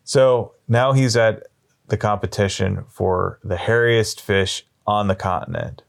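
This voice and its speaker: A man telling long shaggy-dog jokes in a deadpan way, slowing down and pausing as he builds them up. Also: on the low side, creaky. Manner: deadpan, drawn-out storytelling with slow pauses. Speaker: storyteller.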